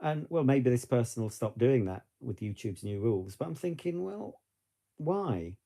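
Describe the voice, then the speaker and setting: A man's voice: medium pitch, expressive, moderate pace, creaky, dark tone. A middle-aged British man chatting casually to camera in a rambling way, with frequent restarts and asides. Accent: British English. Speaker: vlogger.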